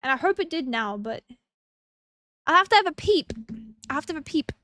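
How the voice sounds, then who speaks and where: A woman's voice: high voice, sing-song, brisk, sharp tone, no room sound, studio quality. A young woman streaming casually, bubbly and giggly as she greets her chat one by one.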